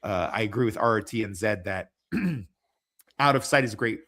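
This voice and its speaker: A man's voice: lowish voice, moderate pace, fairly bright tone. A man hosting a casual livestream chat, rambling and joking with lots of swearing. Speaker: podcast host.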